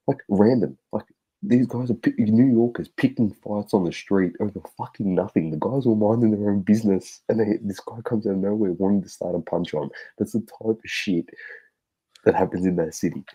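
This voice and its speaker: A man's voice: fairly low pitch, brisk, mellow, slightly rough, rough recording. An Australian man co-hosting a sports podcast, telling stories in a loose, sweary, laughing way. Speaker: podcast co-host. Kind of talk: casual sports podcast chat.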